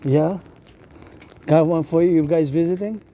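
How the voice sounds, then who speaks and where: A man's voice: fairly high pitch, moderate pace, warm tone, a little hiss or hum. A man vlogging outdoors, chanting rhythmic marching cadences and chatting with passersby in English and French. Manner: rhythmic call-and-response chanting, switching between English and French.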